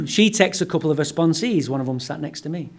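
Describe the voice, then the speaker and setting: A man telling his personal story as a guest speaker at a recovery meeting, animated and blunt, with some profanity. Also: fairly high pitch, a little fast. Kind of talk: personal storytelling talk to a live audience.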